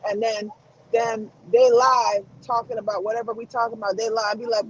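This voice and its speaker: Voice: medium pitch, level tone, fairly quick, slightly rough, highs cut off. A panel guest on an online chat, talking blunt and emphatic, acting out what they would say.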